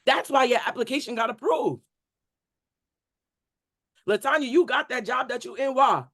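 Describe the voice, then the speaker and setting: A man with a notably high-pitched voice talks to a group coaching call. His speech is casual and slangy. He drives home his points with emphatic repetition and rhetorical questions, like a motivational preacher. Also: moderate pace, a bit bright. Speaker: community member on a coaching call.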